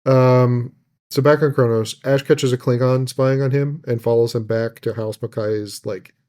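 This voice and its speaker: A man's voice: medium pitch, a little slow. A man co-hosting a podcast, casually recapping a show's plot with plenty of ums and uhs. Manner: relaxed, loose plot recap with many fillers. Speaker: podcast co-host recapping an episode. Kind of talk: casual chat.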